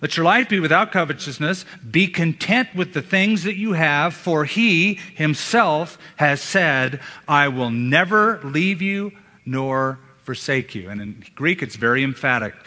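A male pastor preaching a sermon in a church, emphatic, with dramatic pauses and hushed drops. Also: fairly high pitch, expressive. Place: church sanctuary. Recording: long hall reverb.

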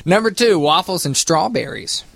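A man's voice: high voice, very animated, moderate pace, vocal fry, fairly bright tone, dry recording, clean studio sound. Playful man hosting radio banter. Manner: playful, teasing, reads news items. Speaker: radio show host.

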